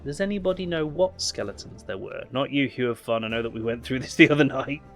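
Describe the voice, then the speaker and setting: A man's voice: mid-range voice, animated, fast, fairly bright tone, faint music behind. A man chatting casually while playing a video game, laughing and tripping over names. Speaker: game streamer. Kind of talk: casual let's play commentary.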